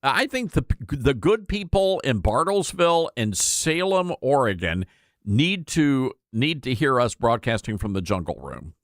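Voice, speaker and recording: A man hosting a talk radio show, joking and chatting in an animated way. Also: mid-range voice, a little slow, dry recording, studio quality.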